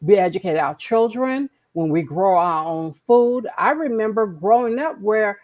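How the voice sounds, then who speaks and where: A woman's voice: mid-range voice, expressive, unhurried, a little mellow. A woman co-hosting a podcast, talking in an earnest, preachy way and repeating words as she makes her point. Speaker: podcast co-host. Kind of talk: casual conversation.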